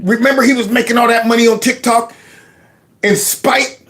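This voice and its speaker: A man's voice: extremely high pitch, steady tone, moderate pace, a bit bright. Sarcastic man mocking a video clip. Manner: sarcastic, mocking, talks to viewers as y'all. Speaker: commentator reacting to a video clip. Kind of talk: casual mocking commentary.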